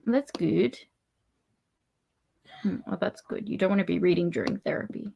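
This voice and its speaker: A woman's voice: on the low side, normal speed, creaky, pauses often, mellow, a little hiss or hum. A woman chatting casually, telling stories and laughing often. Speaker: podcast host. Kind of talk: casual chat.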